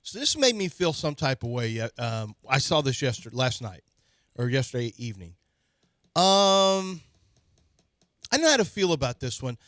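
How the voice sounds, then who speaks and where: A man's voice: medium pitch, very animated, normal speed, long pauses, fairly bright tone, no echo. A middle-aged man with an ordinary mid-range voice, co-hosting a sports radio show. He rambles playfully and speculates on tangents in casual studio banter. The mic sound is close and dry.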